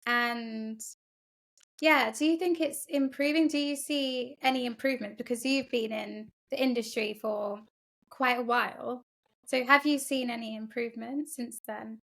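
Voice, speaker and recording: A woman hosting an interview podcast, asking measured questions and reading out a quote. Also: on the high side, steady tone, a bit bright.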